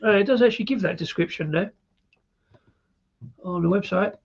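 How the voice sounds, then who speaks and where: A man's voice: sits high, moderate pace, lo-fi sound. A British man hosting a live beer review, chatty and rambling with frequent laughs. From Britain.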